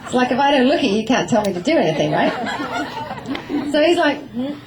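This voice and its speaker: Animated woman giving a horse training talk. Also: fairly high pitch, fast, a crowd in the background, low-quality recording. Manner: animated, acting out voices of herself and her horse. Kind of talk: lively talk to a live audience.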